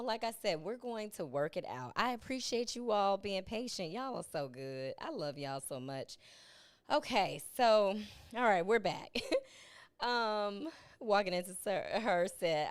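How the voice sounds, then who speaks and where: A woman's voice: medium pitch, smooth, no room sound. A middle-aged woman hosting a casual live podcast from home, chatting and laughing with her listeners as "y'all", speaking into a webcam. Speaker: podcast host. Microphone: webcam and earpiece.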